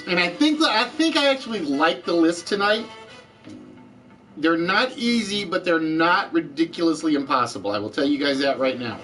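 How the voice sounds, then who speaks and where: A man's voice: a little high, expressive, normal speed, a bit bright, soft background music, rough recording. A man with a Southern US accent hosting a live-streamed trivia game show, chatting with viewers and answering their comments as he goes.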